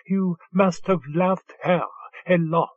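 A playful young woman lover with a soft, teasing delivery, as a male narrator puts her on. Her lines come slow and husky. The recording is dull and dry. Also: high voice, fairly even intonation, no room sound.

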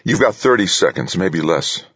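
A man's voice: animated, normal speed, fairly bright tone, breathy edge, no echo, highs cut off, exaggerated voice. A man voicing a grim man aboard a failing aircraft who growls his words. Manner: growled, low intensity.

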